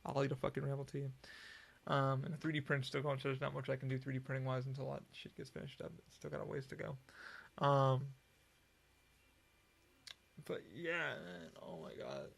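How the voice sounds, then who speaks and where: Gravelly, rambling man with a profane tongue. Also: medium pitch, brisk, long pauses. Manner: profane, rambling, restarts often. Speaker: podcast host. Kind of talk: rambling solo podcast.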